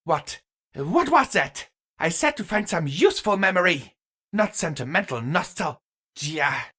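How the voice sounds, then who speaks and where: A man's voice: high voice, big pitch swings, a little slow, slightly rough, pitched above the performer's own voice, heavily acted. Man doing an imperious, impatient goddess. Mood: irritated. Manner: sharp and commanding. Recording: long reverb with faint music.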